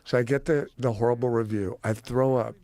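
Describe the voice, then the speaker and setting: Animated profane man telling stories. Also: mid-range voice, a little fast, no room sound. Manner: animated, profane, acts out quoted voices. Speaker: guest, actor turned director. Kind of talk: casual storytelling on a podcast.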